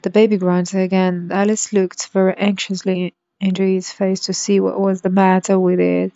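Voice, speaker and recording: A woman reading a storybook aloud in a careful, measured way, on a dull lo-fi recording. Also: medium pitch, level tone, vocal fry, warm tone, no room sound. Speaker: reader.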